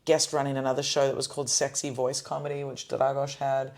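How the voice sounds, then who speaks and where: A woman's voice: very deep voice, flat delivery, fairly quick, a little mellow. Chatty young woman podcast host. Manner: chatty, rambling with many fillers and restarts; smooth phone-style podcast voice. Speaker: podcast host and comedy showcase producer. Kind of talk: casual chat.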